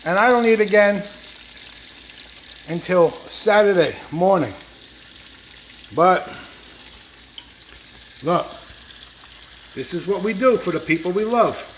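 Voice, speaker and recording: A man's voice: high voice, expressive, slow, pauses often, a little hiss or hum. A man talking casually in a rambling, profane vlog at home. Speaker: vlogger. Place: home kitchen.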